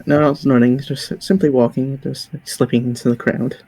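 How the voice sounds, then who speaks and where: A man with a husky, gravelly voice plays a tabletop game, stumbling through restarts and fillers. His tone is dark and mellow. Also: mid-range voice, fairly even intonation, moderate pace. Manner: hesitant, full of restarts and fillers. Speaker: player.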